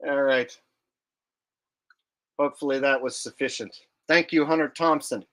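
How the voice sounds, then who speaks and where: A man's voice: mid-range voice, fairly even intonation, normal speed, fairly bright tone. A man hosting a livestream, reading viewers' super chats in a casual, joking way with some swearing. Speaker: livestream host.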